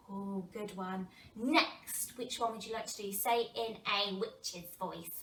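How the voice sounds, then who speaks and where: English teacher lady doing phonics for little kids, slow and bright, sounds far off in a roomy space. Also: mid-range voice. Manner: animated, exaggerated sounding-out of words with gasps and whispers. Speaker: primary school teacher. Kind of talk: phonics lesson for young children. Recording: roomy distant mic, faint background noise.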